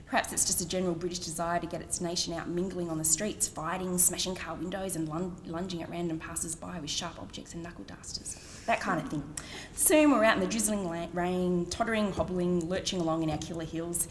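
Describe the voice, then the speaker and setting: A woman's voice: on the low side, steady tone, fairly quick, slight background noise. A middle-aged Australian woman with an Australian accent, reading her own blog aloud at a book event in a wry, self-mocking way. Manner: wry, self-mocking, laughs between phrases. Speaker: author. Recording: long reverb in a hall.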